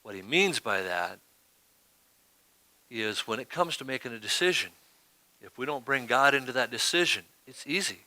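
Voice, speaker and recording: Forceful, conversational male preacher. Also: medium pitch, lively intonation, normal speed, pauses often, dry recording. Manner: conversational, keeps asking "right?". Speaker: pastor. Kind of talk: sermon.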